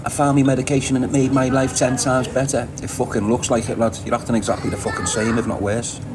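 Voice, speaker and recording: A man's voice: mid-range voice, little pitch movement, fast talker, noisy background. A man with a Liverpool accent hosting a livestream, chatting casually and bluntly with viewers, swearing often and laughing a lot. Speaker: livestream host. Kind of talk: casual livestream chat reading viewer comments.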